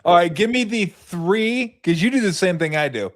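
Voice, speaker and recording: Brief: male sports radio host, easygoing interviewer, animated pitch. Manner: relaxed, quick reactions, asks for quick picks. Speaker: sports talk show host. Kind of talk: casual sports talk interview.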